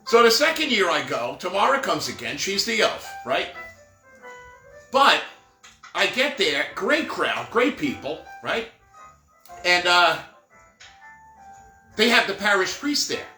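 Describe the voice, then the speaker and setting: A man's voice: sits high, big pitch swings, takes it slowly, pauses often, pushed and bright. A middle-aged man who works as a professional Santa, telling stories in a casual, rambling monologue with jokey asides and acted-out dialogue. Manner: acts out quoted dialogue. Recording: roomy echo with faint music.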